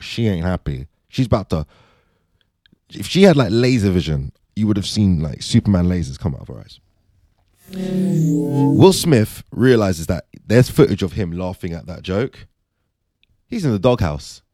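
A man vlogging, telling his theory in a chatty, animated way with many fillers. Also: lowish voice, no room sound, studio quality. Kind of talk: casual commentary monologue.

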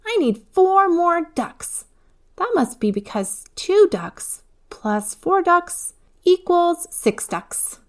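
A woman voicing a young girl, high and slow, emphatic like a small child. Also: sing-song, full character voice. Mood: thoughtful. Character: young girl, earnest and emotional.

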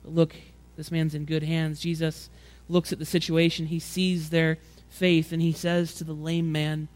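A man preaching a sermon in a conversational way, often repeating words as he restarts, and acting out quotes in a louder, higher voice. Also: completely flat delivery, unhurried. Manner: conversational preaching, acts out quotes with rising pitch and volume. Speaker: pastor.

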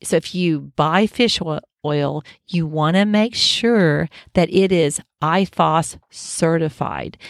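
A woman's voice: low voice, no room sound, clean studio sound. A middle-aged woman giving an informal health talk in a conversational, reassuring way, with frequent fillers. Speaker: health educator.

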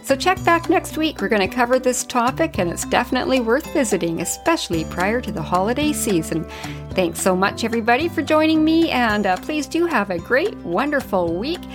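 Middle-aged lady host laughing through a story, kinda high voice, faint music behind. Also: very animated, a little fast. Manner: giggly, laughs through her own story. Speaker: podcast host. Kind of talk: casual storytelling monologue.

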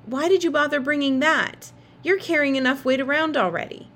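A woman reading aloud puts on a bossy older-sister girl from a storybook, her voice lifted high. She scolds and corrects in an exasperated way. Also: fairly quick, fairly bright tone. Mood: scolding.

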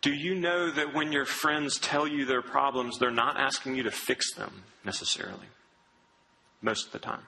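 A man preaching a sermon in an earnest, conversational way, often dropping to a soft, low tone. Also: fairly even intonation, normal speed, vocal fry, a little hiss or hum, rough recording.

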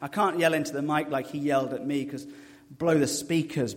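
A man preaching a sermon as a pastor, an animated storyteller who drops to a hush for emphasis. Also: medium pitch, fairly quick. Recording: long reverb of a hall.

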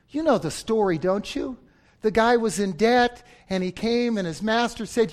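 A man preaching a sermon, swinging from loud outbursts to near-whispers, acting out story voices with humor. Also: sits high, moderate pace. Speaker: pastor.

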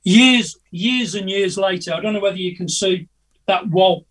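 A man's voice: sits high, normal speed, a bit bright, slight background noise. An older man from the telling rambling stories in a casual interview over a video call, hesitant and chatty, often laughing at his own tales. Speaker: guest musician. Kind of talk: casual anecdotal storytelling. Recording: voice a bit distant from the mic.

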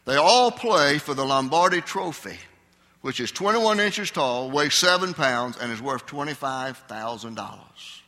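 Somewhat slow and animated, an older man's mid-range voice comes across bright and forceful. This pastor delivers a conversational Sunday sermon, asking questions of his congregation, in a sanctuary with long hall reverb.

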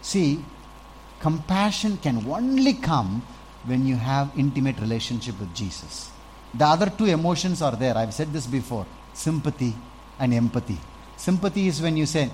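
A man preaching a sermon as pastor, animated, swinging from quiet stretches to loud bursts as he acts out little scenes. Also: mid-range voice, normal speed, slight background noise, rough recording.

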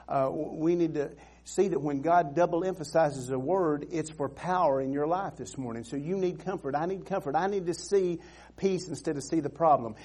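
A man's voice: a little high, dark tone. A man preaching a sermon in an earnest, emphatic way, repeating phrases and restarting sentences.

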